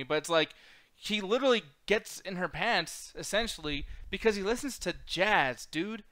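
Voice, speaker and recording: A man co-hosting a casual late-night movie review show, ranting in an animated, profane way. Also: sits high, normal speed, dry recording. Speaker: podcast co-host.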